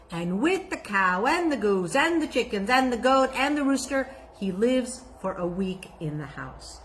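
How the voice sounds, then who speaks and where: A woman telling a folk tale in an expressive, reflective way, then drawing out its lesson. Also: a little high, measured pace. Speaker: storyteller. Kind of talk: folk tale storytelling with a moral.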